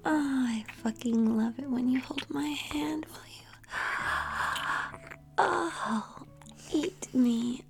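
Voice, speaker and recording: Slow whispered role-play, young woman. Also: high-pitched, darkish tone.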